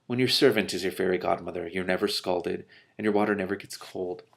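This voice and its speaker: A kindly older cook and fairy godmother speaks gently and lovingly, as a man reads her lines from a storybook. The voice is somewhat low and unhurried. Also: fairly even intonation, creaky. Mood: tender. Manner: gentle and affectionate.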